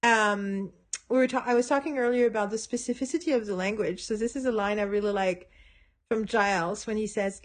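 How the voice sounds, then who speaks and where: A woman's voice: medium pitch, steady tone, a little fast. A woman hosting a solo podcast, thinking aloud in a casual, hesitant way with frequent fillers and restarts, amused by what she discusses. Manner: amused, laughs between points. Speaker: podcast host reviewing a TV episode. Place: at home by her computer.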